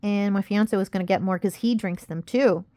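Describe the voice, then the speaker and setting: A woman's voice: medium pitch, normal speed, warm tone, dry recording. Frustrated young woman venting to camera. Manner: rambling, frustrated, self-critical. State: upset, near tears. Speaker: vlogger. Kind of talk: casual confessional vlog.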